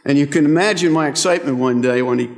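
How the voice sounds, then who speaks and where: A man's voice: on the high side, fast talker. A man in his sixties giving a formal award acceptance speech at a rostrum, self-deprecating and humorous as he tells stories. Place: large ceremony hall, at a rostrum. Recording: long reverb of a large hall.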